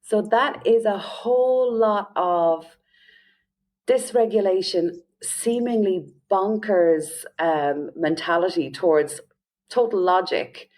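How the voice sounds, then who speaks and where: A woman with an Irish accent, a parenting coach explaining advice in a lively podcast interview. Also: medium pitch, slow pace. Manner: lively, often acts out quoted parents and children.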